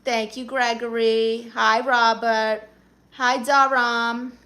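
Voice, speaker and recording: A woman's voice: a little high, level tone, takes it slowly, bright, forceful tone. A woman with a Brooklyn accent, chatting casually on a live stream and reading out viewer comments in a sassy, brash way. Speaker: livestreamer.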